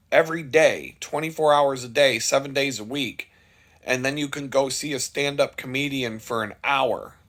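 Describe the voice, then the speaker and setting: A man's voice: medium pitch, fairly bright tone. A man vlogging, telling a story in a blunt, profane, casual way and laughing at it.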